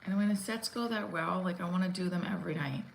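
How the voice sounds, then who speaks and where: Fast and creaky, with a fairly low pitch, a forties-aged comedian rambles on a casual livestream from home, full of fillers and restarts. The recording has an echoey room sound with faint ambient noise.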